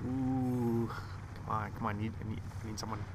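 A young man commenting on his own online shooter match, muttering to himself one moment and yelling curses the next. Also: lowish voice, flat delivery, fairly quick, noisy background. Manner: swings from muttering to loud swearing rants. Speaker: gaming commentator. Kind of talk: live gameplay commentary.

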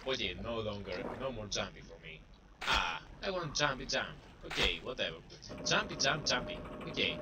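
A man's voice: medium pitch, animated, normal speed. Young guy doing game commentary, rambles and trash-talks the enemies, sounds far from the mic, lots of noise behind. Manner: rambling, self-deprecating, taunts enemies. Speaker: gameplay commentator. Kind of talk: casual gameplay commentary. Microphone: cheap desktop microphone. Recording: distant mic with clear background noise.

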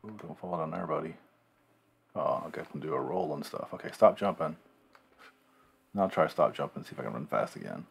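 A man's voice: very deep voice, expressive, a little fast, gravelly, long pauses, husky. A man casually commenting on the game he is playing, mumbling and thinking aloud to himself. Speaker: gamer playing a game on video.

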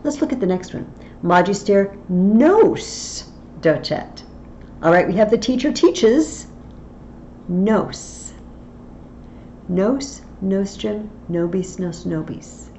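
A woman teaches Latin grammar in an unhurried, patient way, spelling out each step. Her voice sits a little low and mellow. The audio is slightly dull and lo-fi with a faint ambient hum behind it. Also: expressive. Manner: patient, slow, step-by-step explaining. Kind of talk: online tutorial lesson.

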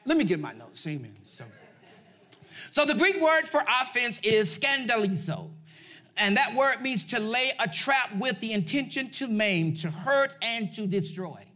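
High-voiced pastor preaching loudly. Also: male voice, big pitch swings, unhurried. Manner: exhorting, calls out to the congregation; swings from loud shouting peaks to low asides. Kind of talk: sermon.

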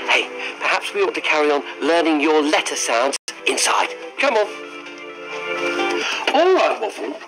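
A man's voice: fairly high pitch, sing-song, moderate pace, over music, poor audio. An actor playing a cheerful older grandfather, encouraging his dog and sounding out letters. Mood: cheery. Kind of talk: children's TV acting.

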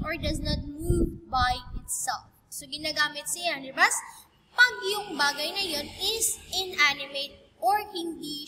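Bright high-voiced Filipino woman teaching. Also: big-room sound. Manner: patient, repeats "okay?" to check understanding. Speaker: Japanese language teacher. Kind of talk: online grammar lesson.

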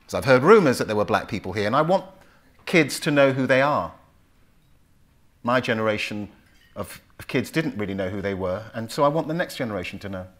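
A man's voice: fairly low pitch, a little fast. A man in his fifties with a London accent, telling stories to an audience at a club event and acting out the voices in them. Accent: London English. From England. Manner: animated storyteller, acts out voices in dialogue. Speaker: author giving a talk. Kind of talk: storytelling speech to an audience.

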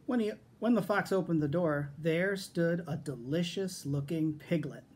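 A man reading a children's picture book aloud as a teacher, in a lively, expressive storytelling manner. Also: fairly high pitch, normal speed, few pauses, slightly rough.

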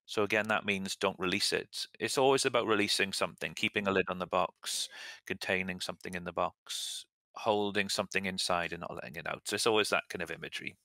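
A young man casually explaining example sentences as an English teacher, relaxed and chatty. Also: deep voice, fast, no echo. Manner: relaxed, chatty, laughs at own slips.

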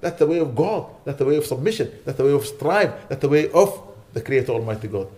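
A male sheikh delivering a lecture to a mosque gathering, talking fast and urgently. His exhortations come with fervent emphasis, and at other times he settles into quiet prayer. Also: medium pitch, animated. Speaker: sheikh giving a weekly lecture.

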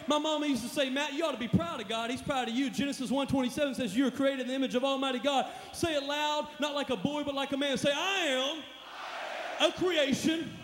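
A man as a motivational speaker on stage, hyping up a live church crowd with shouted calls and responses. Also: very high-pitched, slight background noise. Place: large hall at a live event. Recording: echoey hall, live event.

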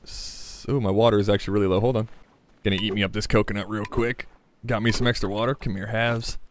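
A young man giving casual, chatty gameplay commentary, excitable and swearing freely as he talks to the game. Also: on the low side, fast talker, a little hiss or hum. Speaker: gaming YouTuber. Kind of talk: casual let's-play commentary.

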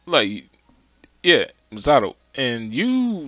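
A man's voice: fairly high pitch, lively intonation, brisk, a bit bright, dry recording, muffled recording. A young man ranting animatedly in a reaction video, exasperated and repeating himself for emphasis.

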